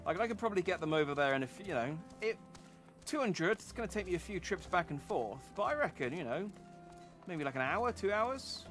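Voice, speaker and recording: Male VTuber, casual game chatter, jokey, very animated pitch. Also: fairly quick, soft background music. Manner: joking, rambling. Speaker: VTuber streamer. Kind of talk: casual gameplay commentary.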